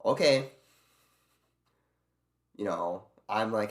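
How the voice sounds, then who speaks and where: A man's voice: fairly low pitch, expressive, moderate pace, pauses often, reverberant. A man streaming from home, venting about his job in a casual, profane rant. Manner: profane, venting, mimics bosses in quoted voices.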